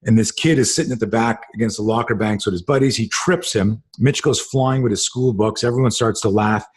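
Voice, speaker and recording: A man's voice: lowish voice, fairly quick, husky. A middle-aged man, a self-defense instructor hosting a podcast, telling a story in casual, profane interview talk and acting out the dialogue.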